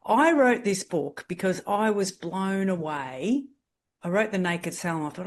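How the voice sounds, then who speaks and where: Woman mentor leading a group coaching call; blunt, straight-talking, high energy. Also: lively intonation, measured pace. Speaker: salon business mentor.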